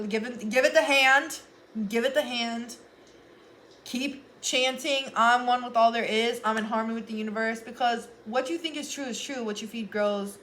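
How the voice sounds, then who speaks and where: A woman's voice: on the high side, fairly bright tone, slight background noise. Earnest, rambling young woman reading tarot. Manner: rambling, earnest, often restarts sentences. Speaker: tarot reader. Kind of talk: casual tarot reading vlog.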